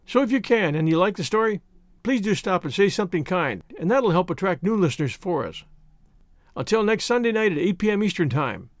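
A male podcast host reads a classic story aloud with expressive, animated delivery. His voice sits on the high side and moves a lot in pitch, recorded close and dry. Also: a little fast, dry recording. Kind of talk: storybook narration.

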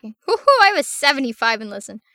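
A woman playing a tabletop game, excitable and quick to curse. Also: on the high side, no echo, studio quality. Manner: excited, cursing. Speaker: player.

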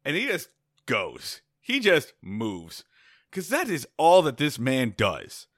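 A man's voice: medium pitch, huge pitch swings, slow, a bit bright, no room sound, clean studio sound. A man co-hosting a casual podcast, telling a rambling story with many restarts and laughs. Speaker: podcast co-host.

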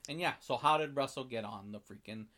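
A man in casual chat, animatedly retelling a film scene by scene and acting out the characters' lines, with swearing. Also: a little fast. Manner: animated storyteller, acts out lines with big jumps in pitch and loudness, swears.

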